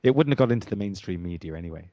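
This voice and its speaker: A man hosting an interview, asking questions in a soft, hesitant way with fillers. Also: low voice, lively intonation, very fast, dry recording. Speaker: host. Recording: dull lo-fi audio.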